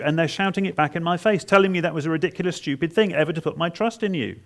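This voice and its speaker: A man preaching in a higher-than-usual register with a gravelly edge to his voice. He retells scripture dramatically in the first person. His delivery is halting, and he repeats words for emphasis. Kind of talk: expository sermon.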